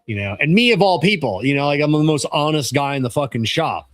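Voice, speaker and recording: A man's voice: on the high side, expressive, fast, fairly bright tone, dry recording. Rambling man in a dry room. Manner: rambling, restarts, casual swearing. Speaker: podcast co-host; auto technician. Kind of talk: casual storytelling chat.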